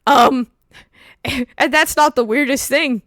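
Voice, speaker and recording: A woman hosting a casual stream, chatting in an animated way and laughing often as she explains things from her home setup. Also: sits high, takes it slowly, no room sound, clean studio sound. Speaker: streamer host.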